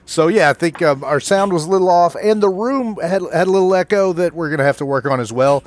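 A man's voice: high voice, fast talker. An older man co-hosting a podcast in an easygoing, self-deprecating way, recorded remotely. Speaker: podcast co-host. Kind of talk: casual chat. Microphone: remote recording setup.

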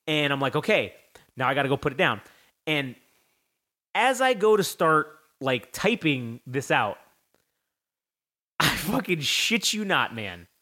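A man's voice: on the high side, takes it slowly, pauses often. A young man hosting a podcast, telling a long story in a casual, profane way and acting out voices as he goes. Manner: animated, profane, acts out voices in his story. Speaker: podcast host.

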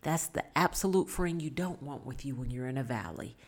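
A woman with an extremely low-pitched voice speaks fairly quickly in a casual motivational talk. Addressing her viewers earnestly, she offers life advice and repeats points for emphasis.

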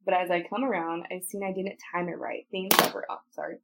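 A woman's voice: on the low side, little pitch movement, brisk, vocal fry, very noisy. A woman hosting a podcast in casual outtakes, laughing, apologizing and restarting her story lines again and again. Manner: breaks off to retry story lines. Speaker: podcast host.

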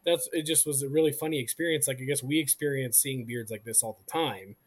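A man co-hosting a podcast, telling an awkward story in casual, animated chat full of "like". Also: mid-range voice, quick pace, husky. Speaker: podcast co-host.

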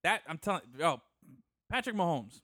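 A man co-hosting a casual sports podcast, animated and laughing often, with frequent swearing. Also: a little high, normal speed, no room sound, studio quality. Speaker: podcast co-host.

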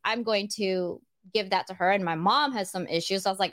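A woman hosting a podcast, chatting in a bubbly, animated way and laughing often. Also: mid-range voice, a little fast, no room sound, studio quality. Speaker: podcast host. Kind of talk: casual podcast chat.

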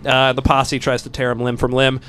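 A man's voice: mid-range voice, fairly quick, smooth. A man telling a wild story in casual chat, swearing freely and laughing as he talks. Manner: profane, animated storyteller who laughs mid-sentence. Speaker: podcast host telling a story.

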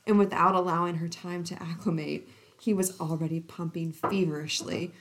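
A woman's voice: lowish voice, steady tone, normal speed. A woman co-hosting a podcast, reading romance passages aloud with lots of giggling and side comments. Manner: giggly, breaks off into laughter and asides. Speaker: podcast co-host.

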